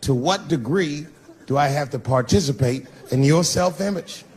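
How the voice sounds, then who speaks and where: A middle-aged man doing a stand-up comedy set, telling stories conversationally and swinging between loud bursts and low asides. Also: moderate pace. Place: live comedy stage. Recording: live show with audience laughter. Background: crowd laughing.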